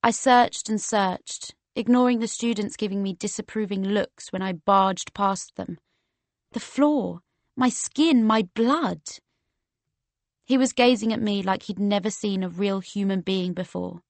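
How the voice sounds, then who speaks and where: A woman's voice: medium pitch, measured pace, no echo. Woman narrating an audiobook, dry sound. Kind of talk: first-person audiobook narration.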